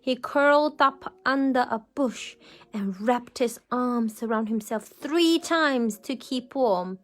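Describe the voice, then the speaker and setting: A woman reading a picture book aloud to children as a storyteller, animated and often asking them questions. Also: fairly high pitch, slow pace.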